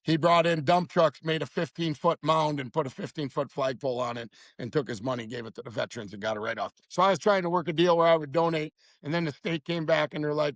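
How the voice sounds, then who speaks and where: A man's voice: a little high, fast talker, a bit bright, no echo. Blunt, profane man in his fifties. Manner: blunt, profane, heated storytelling. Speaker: podcast guest. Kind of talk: casual storytelling chat.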